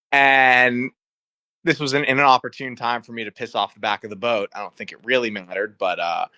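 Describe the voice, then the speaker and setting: Bright-voiced young man telling stories. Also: mid-range voice, moderate pace, dry recording. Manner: animated, wry storyteller, laughs as he talks. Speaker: podcast co-host. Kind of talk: casual storytelling.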